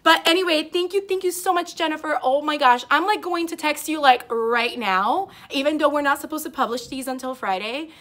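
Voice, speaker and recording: A young woman with a high, bright voice gushes through an unboxing in a casual vlog. She is excitable and leans on "like" and "oh my gosh.". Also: a little fast, hardly any pauses. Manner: gushing, excitable, says like a lot. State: tearful, emotional. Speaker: teacher vlogger.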